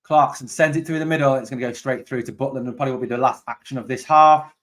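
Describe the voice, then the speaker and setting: A man hosting a live fan watch-along of a football match. He calls the play, chats with viewers about their comments and sometimes shouts at his team in exasperation. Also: mid-range voice, fairly even intonation, fast. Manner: chatty, reads out and answers viewer comments. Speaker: fan channel host.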